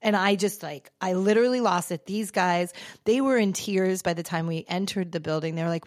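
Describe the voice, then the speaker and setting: A woman's voice: lowish voice, normal speed, no echo. Dry-sounding woman telling an emotional story. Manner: emotional, rambling, with many fillers and restarts. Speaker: podcast host. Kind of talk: casual storytelling monologue.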